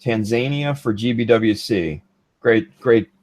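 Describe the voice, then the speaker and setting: A man hosting a casual online podcast, talking in a relaxed, rambling way with many fillers. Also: mid-range voice, measured pace, no room sound, clean studio sound. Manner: laid-back, filler-heavy, friendly sign-off. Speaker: podcast host. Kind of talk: casual chat.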